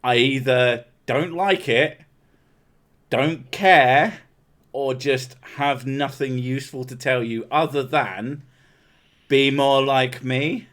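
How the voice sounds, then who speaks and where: Podcast host, male, ranting and profane, average pitch. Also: fairly even intonation, slow, a bit bright. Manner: ranting, swears a lot. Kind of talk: casual podcast chat.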